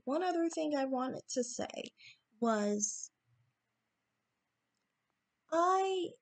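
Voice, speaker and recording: A woman speaking in an assertive opinion monologue to her viewers, repeating points for emphasis, with fillers and short pauses. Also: a little high. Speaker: YouTube commentator.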